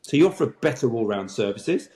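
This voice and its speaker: A man's voice: mid-range voice, lively intonation, brisk, mellow, reverberant. A man talking as a podcast guest in a conversational interview, making emphatic points and often ending them with a tag question.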